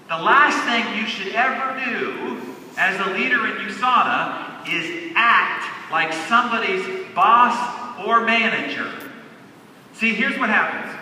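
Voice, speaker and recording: A man's voice: high voice, bright, forceful tone, a little hiss or hum. Man giving an emphatic keynote in a hall. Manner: emphatic, drawn-out stresses on key words. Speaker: convention keynote speaker. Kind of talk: motivational stage speech. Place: large convention hall. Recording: echoey hall, heard from a distance.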